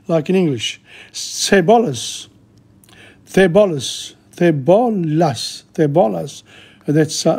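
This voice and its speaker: A man teaching a casual vocabulary lesson, slowly repeating words aloud with hesitant fillers. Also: on the high side, warm tone, breathy edge. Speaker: language teacher.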